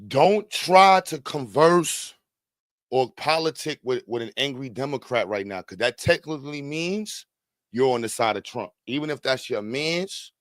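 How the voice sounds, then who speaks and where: A man hosting a comedy talk show, ranting animatedly with sudden loud outbursts. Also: mid-range voice, expressive, measured pace, no echo. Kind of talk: comedic rant.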